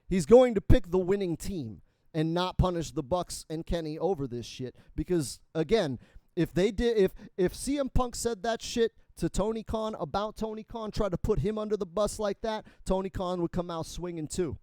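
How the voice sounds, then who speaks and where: Fired-up, swearing man ranting fast. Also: high voice, expressive, warm tone, dry recording. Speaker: podcast co-host. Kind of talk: heated casual chat.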